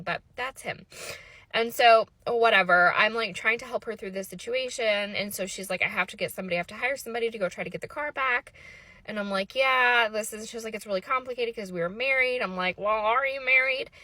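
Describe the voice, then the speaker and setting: A woman recounting a personal saga to the camera in a loose storytime way. Her voice is bright and forward, and the sound is close and dry with no room around it. She talks with exasperated, animated energy and drops the odd swear word. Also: mid-range voice, dry recording. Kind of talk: casual storytime monologue.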